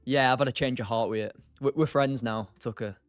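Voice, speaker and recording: A man's voice: mid-range voice, steady tone, brisk, clear, resonant tone, no echo, faint music behind. A young man from England hosting a live trading stream, chatting casually, answering chat by name and laughing often. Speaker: livestream day trader host.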